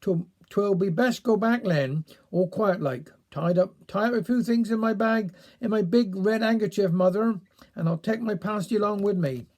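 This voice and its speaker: A man's voice: sits high, moderate pace, darkish tone, lightly acted. A man with a Cornish accent voicing a grumbling, stubborn villager in a spoken story. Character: sulky village man set on leaving home.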